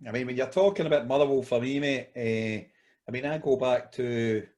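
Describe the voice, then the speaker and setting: A Scottish podcast co-host with a medium-pitched, darkish voice talks briskly, rambling through a long story in casual chat and calling his friend "mate."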